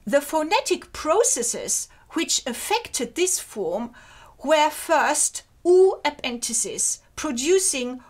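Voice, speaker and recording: A woman delivers an academic lecture in a high, bright-sitting voice. She speaks slowly and carefully, weighing each word. When she recites verse she draws the syllables out even further. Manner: careful, measured, slows to recite ancient verse.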